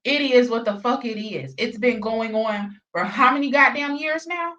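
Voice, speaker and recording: A woman's voice: a little high, normal speed, a bit bright, recorded from a distance, lo-fi sound, slight background noise. A woman hosting a reaction channel, ranting bluntly with heavy profanity and repeated emphasis. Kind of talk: reaction commentary rant.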